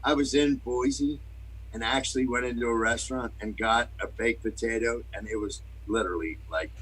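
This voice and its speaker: A man's voice: medium pitch, fairly even intonation, moderate pace, a bit bright, breathy edge, rough recording. A man co-hosting a podcast, chatting casually and telling laid-back stories. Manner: laid-back storyteller, playful impressions. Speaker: podcast co-host. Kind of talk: casual chat.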